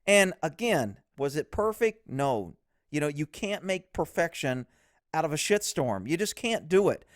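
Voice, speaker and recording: A man's voice: on the high side, big pitch swings, unhurried, dry recording, clean studio sound. A man giving blunt, profane casual commentary on police footage. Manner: blunt, profane, laughs easily.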